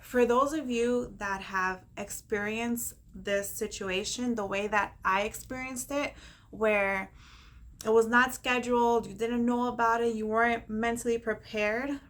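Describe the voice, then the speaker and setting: A woman vlogger telling a personal story to camera, animated and encouraging, acting out what others said and laughing often. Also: on the high side. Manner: animated, acts out quoted dialogue, laughs often; encouraging, faith-filled pep talk.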